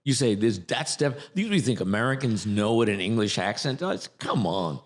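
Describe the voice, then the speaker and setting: A man's voice: lowish voice, lively intonation, moderate pace. A man, an acting coach chatting on a podcast in a teasing, rambling way with many restarts. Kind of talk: casual chat.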